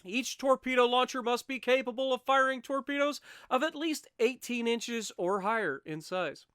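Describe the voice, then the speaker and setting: A man's voice: very high voice, moderate pace, sharp tone, clear, resonant tone, dry recording, studio quality. A man hosting a gaming channel, reading out challenge rules steadily with wry asides and self-corrections into a desk microphone.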